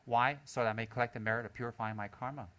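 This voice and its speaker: A man's voice: mid-range voice, racing. A male Buddhist lama giving a humorous dharma talk to his students. He talks animatedly, laughing and mimicking people as he goes. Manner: animated, acts out students' voices with gasps and laughter.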